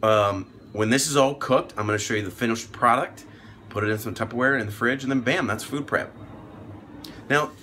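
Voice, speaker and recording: A man's voice: medium pitch, moderate pace, pushed and bright, slight background noise, rough recording. A man, a doctor, chatting casually through a cooking vlog in his home kitchen, upbeat and self-deprecating. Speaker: doctor vlogging about meal prep. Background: kitchen sizzle.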